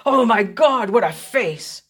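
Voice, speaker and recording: A shaken army colonel, as a woman reads him aloud, blurting out his horror at what he has seen. The voice sits fairly low and keeps to a storyteller's measured reading. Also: animated. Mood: horrified. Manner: exclaiming, horrified. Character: startled army colonel, man, shaken by terror.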